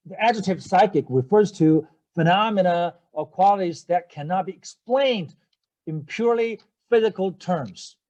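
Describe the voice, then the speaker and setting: Man, lecturer, vocabulary lesson, slow pace, mellow tone, spells words aloud, many fillers. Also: fairly high pitch. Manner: spells words letter by letter and checks in with "okay?" and "right?"; hesitant, many fillers and restarts. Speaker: English teacher.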